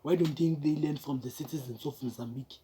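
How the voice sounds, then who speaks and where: A man's voice: fairly high pitch, quick pace, warm tone, a little hiss or hum. Rambling South African man commentating. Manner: rambling, restarts, mixes in local words. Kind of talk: casual commentary.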